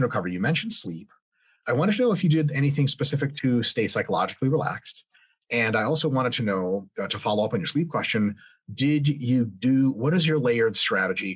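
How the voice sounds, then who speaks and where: Husky-voiced man hosting a podcast. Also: mid-range voice. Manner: joking, profane, animated asides. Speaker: podcast host. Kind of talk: casual podcast interview.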